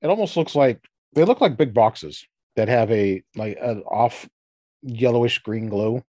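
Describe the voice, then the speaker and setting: A man's voice: medium pitch, lively intonation, a little slow, warm tone, dry recording. A man running a tabletop game as game master, describing scenes in a loose, rambling way with lots of fillers.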